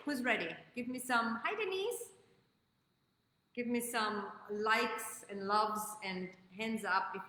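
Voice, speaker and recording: A woman hosting a live-stream coaching session, greeting viewers by name and leading slow guided breathing. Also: medium pitch, bright, forceful tone, a little hiss or hum. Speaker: host and life coach. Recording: echoey room with long reverb.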